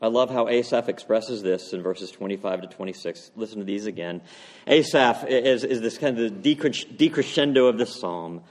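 A man's voice: fairly low pitch, normal speed. Earnest preaching man in echoing church. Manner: earnest, swings from loud emphasis to hushed tones. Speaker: pastor. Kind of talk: sermon. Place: church sanctuary. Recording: long reverb of a church hall.

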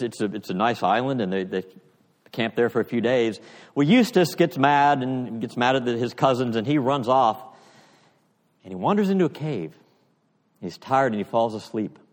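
A man preaching a sermon, retelling a story with an animated delivery that stumbles over and repeats its words. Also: mid-range voice. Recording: long echoey reverb, large hall.

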